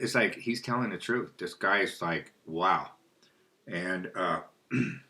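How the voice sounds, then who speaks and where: A man with a very low, bright-edged voice rambles through a solo monologue. He loses his thread and picks it back up, putting questions aloud and answering them himself. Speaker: spiritual video host.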